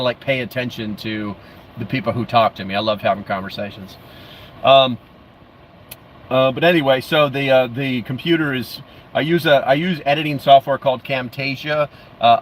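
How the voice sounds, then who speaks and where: A middle-aged man hosts a casual livestream, reading viewer comments aloud and rambling with plenty of fillers and restarts. His mid-range voice is friendly, and he keeps calling viewers "bro." There's slight background noise.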